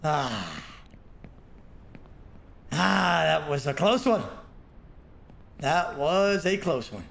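A man live-streaming a game, talking to himself and to his chat, with sudden bursts of loud yelling and laughter. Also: a little high, very animated, very slow, gravelly, pauses often.

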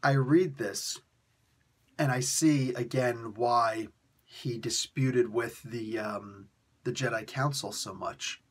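A man reviewing comics on video in a ranting, sarcastic way, swinging between loud outbursts and quiet mutters, and sounding tired. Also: medium pitch, slow pace, husky. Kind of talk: animated solo video review.

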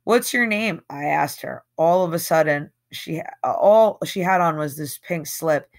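A woman's voice: low voice, measured pace, vocal fry, a little mellow. A woman reading a novel aloud in a casual, conversational way, with an occasional slip. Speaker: audiobook reader.

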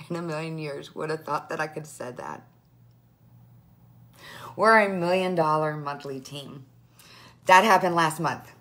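A woman in her thirties, tearful and overwhelmed, talking in a gushing, rambling way on a live phone video to her followers. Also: deep voice. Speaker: direct sales team leader.

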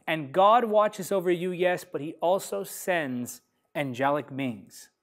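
A man preaching a sermon, reading scripture emphatically and swinging between loud declarations and softer lines. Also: fairly high pitch. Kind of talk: sermon teaching.

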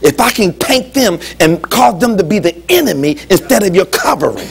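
A man preaching a lively, humorous sermon as pastor in a church, with call-and-response. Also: sits high, moderate pace, gravelly. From United States.

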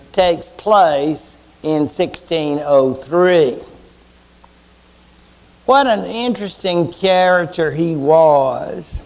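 A man with a Southern US accent lecturing at a measured, unhurried pace. His voice sits high for a man. He keeps it chatty and wry and tosses rhetorical questions at the class. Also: darkish tone. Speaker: history lecturer. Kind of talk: university lecture.

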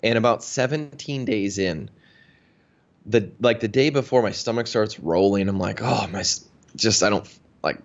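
A man in his thirties from Minnesota tells his story in a casual interview and keeps slipping into the voices of the people in it. His voice sits a little low. The recording is dull and lo-fi. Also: moderate pace. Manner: animated storyteller, acts out quoted dialogue. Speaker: interview guest, health practitioner. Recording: dull lo-fi sound.

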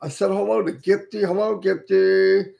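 A man's voice: sits high, steady tone, normal speed, gravelly, dark tone. A man hosting a casual livestream, reading out viewers' names one by one and welcoming them, now and then tripping over a name. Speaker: livestream host. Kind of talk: casual livestream shout-outs. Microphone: headset.

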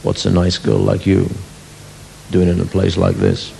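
A man voicing a smarmy young male wine-bar Casanova who croons low and hesitates with ums. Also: completely flat delivery, measured pace, creaky, warm tone, a little hiss or hum, exaggerated voice, low-quality recording. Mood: crooning. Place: live theatre stage.

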